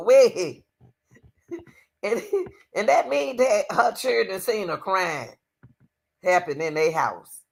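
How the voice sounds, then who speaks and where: A woman's voice: mid-range voice, very animated, extremely slow, vocal fry, pauses often, darkish tone. A woman livestreaming reaction commentary on a court case, speaking emphatically to her viewers and often calling on the Lord. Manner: emphatic, exclaims to the Lord, talks to viewers as y'all.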